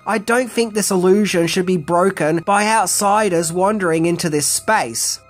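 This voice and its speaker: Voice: mid-range voice, normal speed, faint music behind. A video essay narrator giving casual film commentary with wry, conversational asides.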